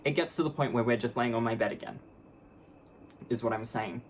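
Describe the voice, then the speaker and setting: This vlogger, a young adult woman, speaks a little fast in an extremely low-pitched voice over a faint hiss or hum. Narrating a story with candid sarcasm and bluntness, she mocks the people in it by imitating them in put-on voices.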